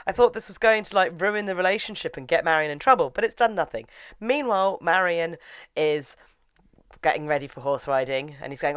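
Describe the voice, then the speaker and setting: A woman with a notably low voice chats her way through a story recap, filling it with "like" and "you know". Her delivery is loose and conversational. The recording is dry and close. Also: brisk, fairly bright tone, smooth, no room sound. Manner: chatty, full of "like" and "you know". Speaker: reviewer. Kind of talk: casual plot recap.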